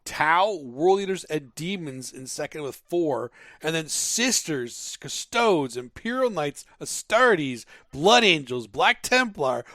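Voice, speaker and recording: A man co-hosting a casual gaming podcast, excitable and joking in quick back-and-forth chat. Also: fairly high pitch, dry recording, studio quality. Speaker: co-host.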